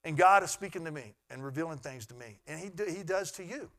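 A man's voice: on the high side, expressive, fast talker. Earnest man preaching a sermon. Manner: earnest, swings from loud to hushed. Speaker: pastor.

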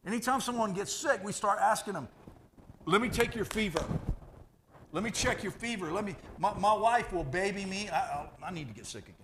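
A man preaching a sermon as pastor, animated and conversational, jumping from loud bursts to hushed asides. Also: sits high, brisk, a little hiss or hum.

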